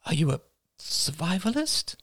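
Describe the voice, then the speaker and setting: A man's voice: a little high, very animated, a little slow, a bit bright, slightly rough, dry recording, voice pushed up, full character voice. A man reading the part of an earnest, curious young woman in an audiobook, asking questions. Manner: questioning, inquisitive.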